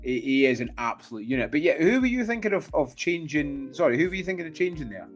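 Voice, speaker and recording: A man co-hosting a casual fantasy football podcast, full of jokey banter and quick reactions, often laughing. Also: a little high, very animated, faint music behind. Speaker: podcast co-host.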